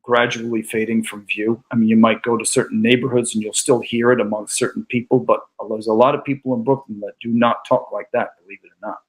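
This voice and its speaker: Husky easygoing man with a New England accent. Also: medium pitch, level tone, a little fast, few pauses, rough recording. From New York. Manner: easygoing and chatty, with frequent fillers. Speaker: guest musician. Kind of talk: casual chat.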